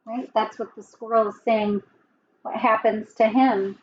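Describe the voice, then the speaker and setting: Woman teacher, children's lesson, slow gentle delivery, fairly high voice, dull lo-fi recording. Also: fairly even intonation, breathy edge. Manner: gentle, asks children questions often. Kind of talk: children's lesson and storybook reading.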